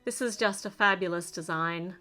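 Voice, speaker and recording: A woman's voice: on the low side, moderate pace, bright, forceful tone. An Australian woman narrating a LEGO build in a chatty, gushing way, praising each step as she goes.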